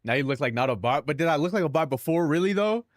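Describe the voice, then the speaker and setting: A man's voice: on the high side, expressive, fast, no room sound, studio quality. Rambling, profane young man streaming. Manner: rambling, profane, talks to himself and chat. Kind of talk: casual live-stream chat.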